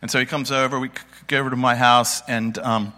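Bright-voiced man telling a sermon story. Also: mid-range voice, level tone, fast talker, long reverb tail. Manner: conversational, folksy storytelling. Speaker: church speaker. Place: church meeting space with audience.

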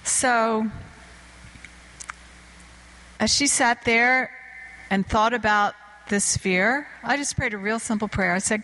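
Woman preacher, slightly high voice, emphatic sermon storytelling. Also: unhurried, pushed and bright, rough recording. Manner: emphatic, voice climbing high on key words.

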